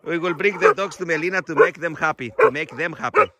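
A middle-aged man who runs an animal shelter, chatting casually on camera in halting, non-native English and coaxing his dogs fondly. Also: a little high, sharp tone, slight background noise. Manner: fond, coaxing talk to the dogs. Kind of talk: casual vlog narration.

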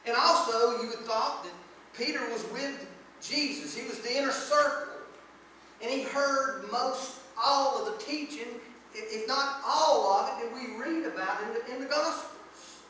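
Preacher guy, bright high voice, acts out the quotes, booming church echo. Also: unhurried, recorded from a distance, slight background noise. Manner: acts out quoted lines in a raised voice, folksy asides. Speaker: pastor. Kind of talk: sermon. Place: church sanctuary. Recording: echoey church hall, speaker away from mic.

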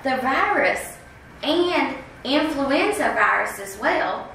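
A woman giving an earnest, insistent public comment at a school board meeting, often pausing to ask "okay?". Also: sits high, lively intonation, fairly bright tone, recorded from a distance, a little hiss or hum. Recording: very echoey room heard from afar.

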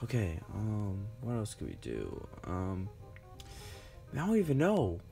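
A man's voice: lowish voice, wildly swooping pitch, slow, creaky, warm tone, soft background music. Young man in a whiny bickering skit. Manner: bickering, whiny, slangy banter with frequent fillers. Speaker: skit performer voicing several friends. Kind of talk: casual improvised comedy skit.

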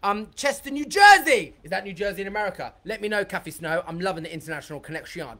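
A bubbly man hosting a live-streamed dance lesson, his pitch bouncing all over as he chats. He breaks into high shouts and whoops when excited, and his voice sometimes drifts away from the mic. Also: fast talker, roomy sound, distant mic. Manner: bubbly, excitable, reads out viewer comments. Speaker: dance workshop leader.

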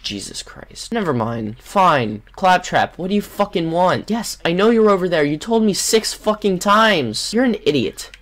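A young adult gaming host giving casual gameplay commentary into a desktop microphone, sarcastic and quick to swear and grumble at the game. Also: medium pitch, lively intonation. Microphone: desktop USB microphone.

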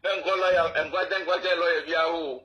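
A man's voice: a little high, steady tone, brisk, roomy sound, muffled recording, crowd noise. A man calling in to an advice show who rambles in broken English. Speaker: caller. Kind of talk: phone-in conversation.

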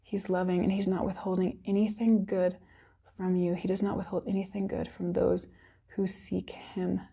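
A woman's voice: mid-range voice, little pitch movement, fairly quick, gravelly, dark tone, breathy edge. A woman giving an earnest, emotional devotional talk at a church service, at times close to tears. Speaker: worship speaker.

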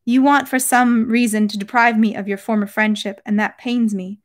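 A woman's voice: on the high side, fairly even intonation, normal speed, no echo, clean studio sound, close to an everyday voice. A woman voicing a tender, wounded young princess. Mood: hurt. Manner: emotional, quavering storybook delivery.

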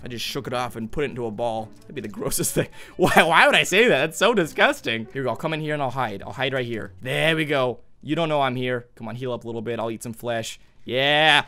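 A man's voice: medium pitch, bright, forceful tone. A man giving goofy, jokey commentary while playing a video game, exclaiming and talking to other players as he goes. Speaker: gaming YouTuber.

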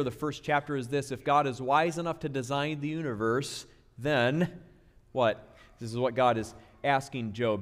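A male pastor preaching a sermon in a church sanctuary, emphatic and conversational, slowing down to stress key words. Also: medium pitch, big-room sound.

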